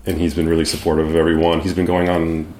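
A man's voice: very deep voice, completely flat delivery, quick pace, dark tone, echoey room, a little hiss or hum. A man talking as a guest in a casual interview, hesitant, with many ums and restarts. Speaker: guest artist.

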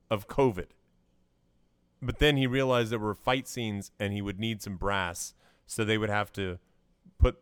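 A man co-hosting a podcast in casual movie chat, measured and explanatory, pausing with hesitations. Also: on the low side, clean tone, no echo. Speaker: podcast co-host.

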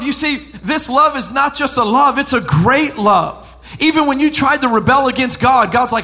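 A man. His voice sits very high and rings bright and forceful. He swings between loud preaching and hushed, chatty storytelling. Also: animated, normal speed, hardly any pauses, a faint crowd. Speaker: pastor. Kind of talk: sermon.

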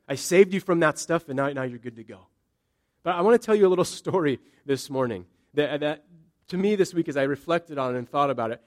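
A man preaching in church as a pastor, building up his points through repeated emphatic phrases. His voice sits a little higher than most men's. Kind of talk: sermon.

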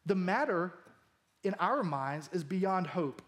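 A man in his thirties preaching a sermon, animated and jokey, acting out the lines he quotes. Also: high-pitched, slow pace. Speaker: pastor.

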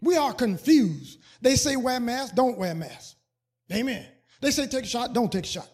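A man's voice: very high voice, expressive, moderate pace, a little mellow, slightly rough. A man preaching a sermon as pastor, repeating words and building to fervent, sung emphasis on scripture.

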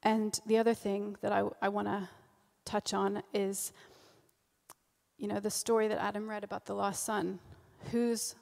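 A woman preaches in an earnest, informal way, circling back over her phrases as she speaks. Her voice has a gravelly fry and stays fairly flat in pitch. It rings out with the long reverb of a church hall. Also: measured pace. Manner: earnest, repeats and restarts phrases. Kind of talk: informal sermon.

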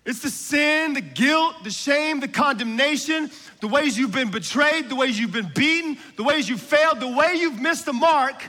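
A man preaching a sermon with passion, building to shouts on key lines. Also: extremely high pitch, animated, moderate pace, big-room sound.

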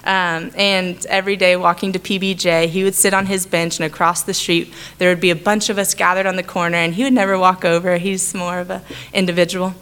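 Earnest young woman with a smooth voice. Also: lowish voice, flat delivery, brisk, fairly bright tone. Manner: earnest, heartfelt, conversational. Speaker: church speaker sharing a testimony. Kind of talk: personal testimony.

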